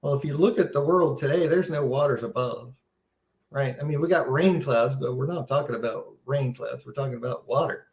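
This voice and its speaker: A man's voice: mid-range voice, fairly quick, darkish tone, roomy sound. A man giving a casual, earnest Bible seminar talk, teaching conversationally with many restarts and a sense of wonder. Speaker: seminar presenter.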